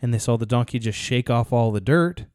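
A man's voice: medium pitch, brisk, darkish tone, no room sound, studio quality. A man co-hosting a podcast, telling a story in a rambling way with frequent restarts. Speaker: podcast co-host. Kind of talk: casual podcast talk, storytelling.

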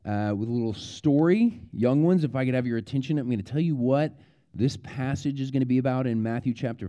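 Male pastor, children's sermon, animated storyteller, very mellow dark tone. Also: medium pitch, clear, resonant tone. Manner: animated storyteller, repeats words, yells out quoted warnings.

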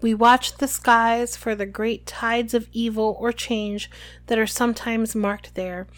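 A woman voicing a calm, aloof male centaur teacher, reading his lines slowly and evenly. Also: fairly high pitch. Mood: calm, lofty. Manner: slow, measured reading.

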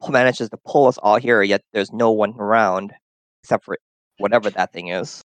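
Skeptical man with a dry, low voice. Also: moderate pace, dry recording, low-quality recording. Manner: skeptical, casual. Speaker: player.

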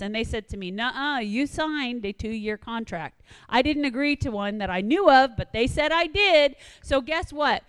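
A woman's voice: a little high, dry recording, in a large hall. A woman telling a personal story in a sermon-like devotional talk, acting out quoted lines and repeating points for emphasis. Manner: animated retelling with quoted asides, emphatic repetition.

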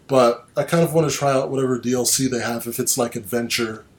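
A man's voice: mid-range voice, quick pace, reverberant, slight background noise. A man hosting a casual online chat, rambling with restarts and sardonic asides. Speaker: podcast host. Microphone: online call.

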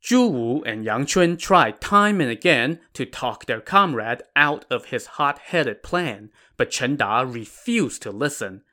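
A man's voice: medium pitch, lively intonation, a little slow, hardly any pauses, sharp tone. A man hosting a podcast, narrating a classic tale in a playful, scripted storytelling manner. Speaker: podcast host.

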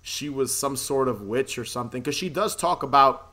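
A man's voice: medium pitch, moderate pace, bright, forceful tone. A man casually recapping a movie plot in a podcast chat, rambling, swearing freely and laughing often. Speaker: podcast co-host.

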